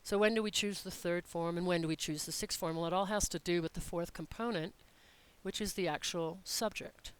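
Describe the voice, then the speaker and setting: A Spanish teacher explaining grammar step by step in a recorded lesson, patient and methodical, reading example sentences slowly and clearly. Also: medium pitch, steady tone, poor audio.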